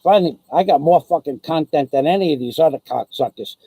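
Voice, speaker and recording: A man's voice: a little high, a little fast, slightly rough, dry recording, highs cut off. A man ranting angrily and profanely on his own live stream, taunting and threatening someone. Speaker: vlogger. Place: living in the Philippines.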